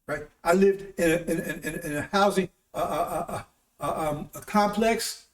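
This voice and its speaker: On his broadcast, a preacher with a fairly high voice rambles through an informal sermon at a moderate pace. He frequently asks listeners "See?" and "Right?", and he sounds distant from the mic in a roomy, echoing space.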